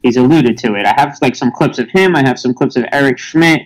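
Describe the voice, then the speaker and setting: A man's voice: mid-range voice, fairly quick, poor audio. A man in casual podcast chat, talking in an emphatic, insistent way. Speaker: podcast guest.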